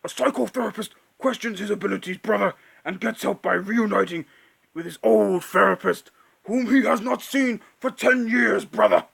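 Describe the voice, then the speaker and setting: A man putting on a loud, brash wrestler impression while reading a short synopsis aloud, stretching out "brother". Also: sits high, normal speed, vocal fry, slightly rough, pitched above the performer's own voice, heavily acted. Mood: booming. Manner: shouting, drawling "brother". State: strains his voice until it hurts.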